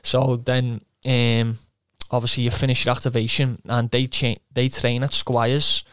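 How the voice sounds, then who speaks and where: A man's voice: mid-range voice, flat delivery, unhurried, fairly bright tone, smooth, no echo, studio quality. A young man telling a rambling, swearing footballer's anecdote, quoting himself and laughing often. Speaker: footballer guest. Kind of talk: casual anecdote.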